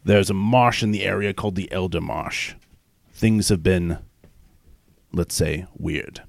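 A man narrating as game master for a tabletop game, halting with fillers and breaking into laughter often. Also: low voice, fairly even intonation, vocal fry, no echo.

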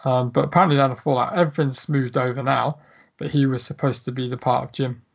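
A man's voice: medium pitch, steady tone, fast talker, vocal fry, slightly rough, dull audio. A man co-hosting a casual film chat, blunt, jokey and full of swearing. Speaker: podcast co-host.

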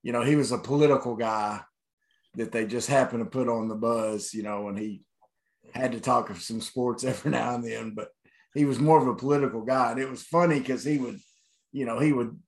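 Easygoing man telling stories. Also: mid-range voice. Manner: easygoing, storytelling, teasing. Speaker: podcast co-host. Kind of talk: casual chat.

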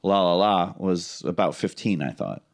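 A relaxed man co-hosting a podcast, his voice sitting somewhat low. He muses thoughtfully in casual chat and often hedges as he works through an idea. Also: normal speed, gravelly. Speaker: podcast co-host.

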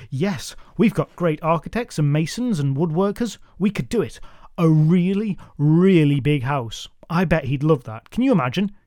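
A man's voice: a little high, a little mellow, dry recording, clean studio sound. A man voicing a desperate male adviser who gushes eagerly over a silly plan, in a myth podcast. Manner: eager, gushing, rushed. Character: excitable desperate Irish noble adviser, male.

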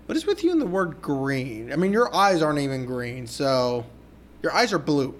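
A man's voice: fairly high pitch, very animated, normal speed. A man co-hosting a podcast, talking about movies casually, joking and swearing freely. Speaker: podcast co-host.

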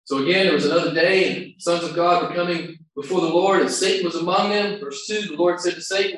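A male pastor preaching a sermon, shifting between quiet reflection and loud shouts, recorded far from the mic in a large church hall. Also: sits high, fairly even intonation, brisk, hardly any pauses. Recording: very echoey hall, distant mic.

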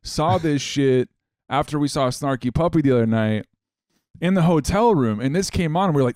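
A man's voice: mid-range voice, lively intonation, normal speed, darkish tone, no echo, clean studio sound. A man co-hosting a casual chat, swearing often and restarting his sentences. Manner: swears a lot, stammers on restarts.

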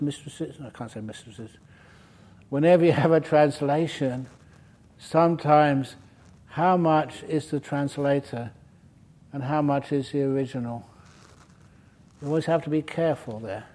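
A man teaches a sutta class at a meditation retreat, his voice sitting a little higher than most. He wanders into jokes and asides, correcting himself with good humour before returning to the teaching. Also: dark tone. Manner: humorous, digressive storytelling. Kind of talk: dharma talk at a meditation retreat. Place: retreat centre meditation hall.

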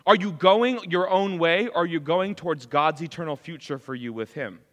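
A man preaching a sermon in an animated way, acting out lines of dialogue as he goes. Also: fairly high pitch, moderate pace, long reverb tail.

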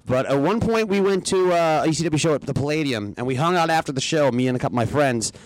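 A young man co-hosting a podcast, telling crude stories in casual, animated chat and laughing often. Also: fairly high pitch, quick pace, no echo, low-quality recording. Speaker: podcast co-host.

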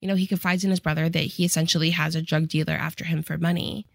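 A woman's voice: low-pitched, flat delivery, quick pace, gravelly, no echo, clean studio sound. A young woman co-hosting a casual podcast, retelling a movie's plot with wry retorts and acted-out character lines. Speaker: podcast co-host. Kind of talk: casual chat recapping a movie.

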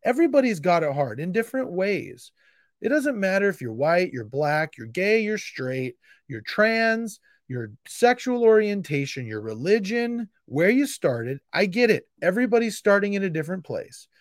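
A man hosts a solo podcast pep talk, answering a listener with intense, emphatic tough love that sounds a bit frustrated. His voice sits high with big pitch swings at a normal speed. The sound is clean studio quality with no echo.

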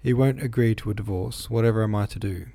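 A man reading a novel aloud, voicing a flirtatious, chatty baroness in his own gravelly voice. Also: on the low side, quick pace, warm tone. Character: flirtatious chatty baroness, woman, society lady.

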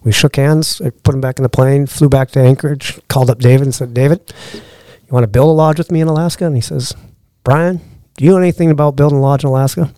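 This middle-aged man speaks at a quick pace in a mid-range voice, and the recording is dry. A lodge owner on a podcast, he delivers a lengthy casual anecdote while lively acting out its quoted dialogue.

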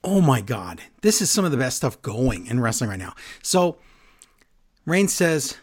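A man co-hosting a casual wrestling chat, recapping a show with animated, exaggerated retellings. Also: mid-range voice, a little slow, slightly rough. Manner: animated, acts out quotes in exaggerated voices. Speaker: podcast co-host recapping wrestling.

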